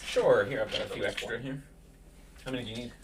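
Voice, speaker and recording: A man's voice: medium pitch, fast talker, distant mic, noisy background. A man running a tabletop game as game master, giving a vivid play-by-play of dice rolls and attacks.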